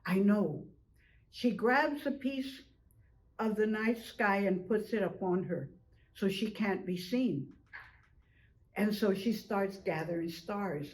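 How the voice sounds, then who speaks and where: Slow older woman telling a tale. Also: mid-range voice, a little hiss or hum, low-quality recording. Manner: slow, drawn-out storytelling with repeated phrases. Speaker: storyteller. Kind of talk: traditional storytelling.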